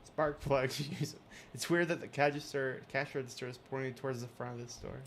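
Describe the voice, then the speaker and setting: A man's voice: medium pitch, fairly even intonation, brisk. A man casually streaming a game and talking through it in his ordinary mid-range voice. He is chatty and giggles often. A faint hum of room ambience sits behind him. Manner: chatty and giggly, reading game text aloud. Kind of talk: casual gameplay commentary.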